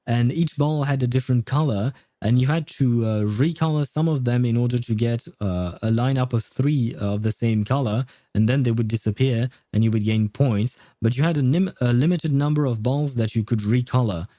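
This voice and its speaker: Rambling streamer, dark dry voice. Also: male voice, mid-range voice, normal speed, no echo. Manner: rambling, self-correcting, chuckling. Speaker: game streamer. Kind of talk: casual chat while playing.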